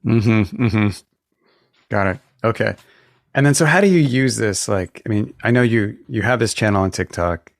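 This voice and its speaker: A man hosts a podcast interview, asking measured, probing questions. His voice is very deep, and it is recorded dry and close. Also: creaky, dry recording. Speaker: podcast host.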